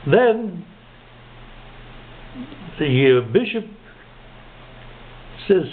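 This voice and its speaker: A man telling a long shaggy-dog joke, chuckling at his own punchlines and slowing down to deliver them. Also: on the high side, lively intonation. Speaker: joke teller. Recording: narrow phone-like sound.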